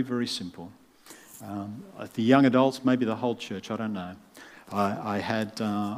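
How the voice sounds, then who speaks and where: A man, a pastor giving a conversational sermon and acting out the voices in his story. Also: fairly low pitch. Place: church.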